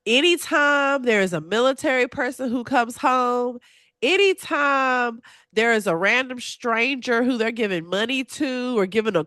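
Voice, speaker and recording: A woman hosting a solo podcast in a casual, chatty way, talking straight to her listeners with lively, expressive swings in her voice. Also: dry recording, clean studio sound. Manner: animated and expressive, with big pitch swings; chatty and confiding, addresses listeners directly. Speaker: podcast host.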